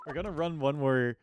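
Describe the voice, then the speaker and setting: A man's voice: a little high, clear, resonant tone, no echo. Rambling, self-mocking male streamer. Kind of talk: casual live-stream chat.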